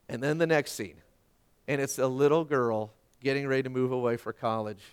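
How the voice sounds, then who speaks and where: A middle-aged man preaching a sermon, telling a personal story and swinging from hushed tones to loud emphasis. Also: mid-range voice, steady tone, fairly quick, clean tone. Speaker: pastor.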